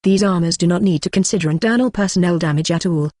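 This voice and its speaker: A synthetic audiobook narrator reads in a flat, steady, evenly paced way. The voice sits at a middle pitch and sounds dry and close to the mic, with no room around it. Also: quick pace, no room sound. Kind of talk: scripted narration.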